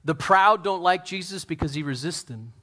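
A pastor preaching a sermon, talking straight to his congregation, swinging from loud fervent peaks to soft hushed lines. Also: sits high, lively intonation, normal speed. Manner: talks straight to the congregation with questions.

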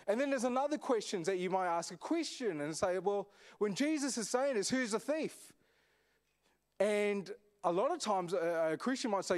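A man's voice: high-pitched, lively intonation, moderate pace. A man, a senior pastor, preaching a sermon in a conversational way, often asking the congregation questions. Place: echoey church hall.

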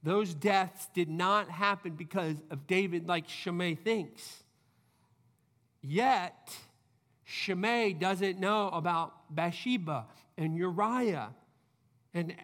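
High-voiced preacher in a reverberant hall. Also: male voice, fairly bright tone. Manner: conversational, asks rhetorical questions; acts out quoted speakers in brief bursts. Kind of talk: expository sermon.

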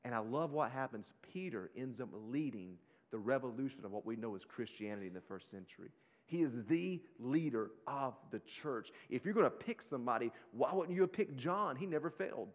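A man preaching a sermon as pastor, animated and conversational, talking straight to his listeners in casual slang. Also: medium pitch, fairly quick, dull audio. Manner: slips into casual slang like "y'all".

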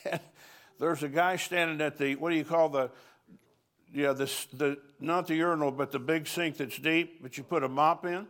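A man's voice: on the high side, fairly even intonation, moderate pace, fairly bright tone. An older man, a pastor, preaching at a conference in a folksy, storytelling way, chuckling between lines.

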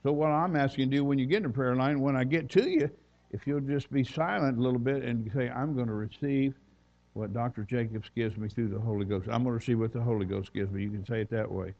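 A man's voice: medium pitch, quick pace, muffled recording. A man preaching a sermon as a visiting minister, folksy and conversational with plenty of asides. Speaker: guest preacher. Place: church.

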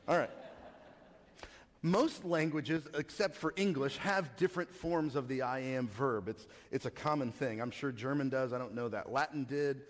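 A man from Texas, preaching a casual teaching sermon and asking the congregation questions. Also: medium pitch. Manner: conversational teaching, asks the audience questions, frequent restarts. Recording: reverberant hall.

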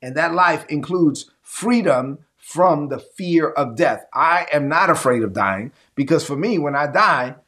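A man's voice: on the high side, animated, measured pace, hardly any pauses, a bit bright. A man preaching a sermon to an online audience, emphatic and repetitive, calling for responses. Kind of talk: livestreamed teaching to an online audience.

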